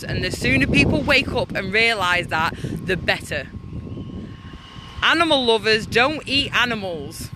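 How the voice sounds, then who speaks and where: A woman ranting in an indignant, emphatic vlog, repeating her points with anger. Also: on the high side. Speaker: animal rights vlogger. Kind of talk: angry vlog rant. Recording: faint street noise behind.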